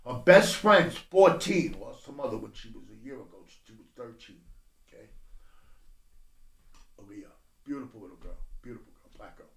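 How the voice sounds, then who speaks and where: A man's voice: fairly quick, creaky, long pauses. Blunt, profane middle-aged man in an echoey room. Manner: blunt and profane, swinging from low mutters to loud bursts. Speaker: podcast guest. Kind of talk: candid personal storytelling. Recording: roomy echo.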